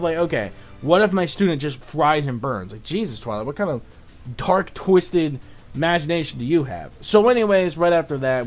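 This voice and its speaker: A young man reviewing a cartoon episode in casual, rambling talk, excitable and profane, full of fillers, now and then mock-shouting in a high, exasperated voice. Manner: rambling, excitable, swears a lot, fills with "like" and "you know".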